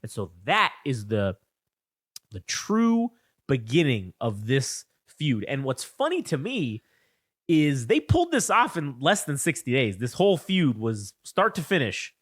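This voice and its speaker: A man co-hosting a wrestling podcast, retelling a feud in excited, profane, rambling chat on a close mic. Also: medium pitch, measured pace, no room sound. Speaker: podcast co-host. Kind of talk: casual chat, wrestling recap.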